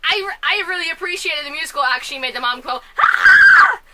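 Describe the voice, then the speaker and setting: A woman chatting at home in a casual vlog review, scatterbrained and talkative with sudden loud bursts of outrage. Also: high-pitched, racing, very noisy. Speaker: film and musical reviewer. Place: at home, family asleep next door.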